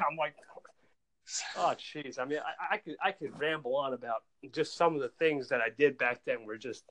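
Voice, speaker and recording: A young man chatting casually as a guest, excitable and rambling, laughing as he tells stories. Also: mid-range voice, normal speed, poor audio. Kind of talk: casual chat. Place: outdoors at times.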